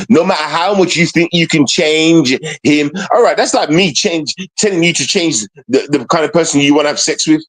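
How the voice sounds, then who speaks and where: A man streaming a ranting monologue, repeating himself and firing taunting rhetorical questions at an absent woman. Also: on the high side.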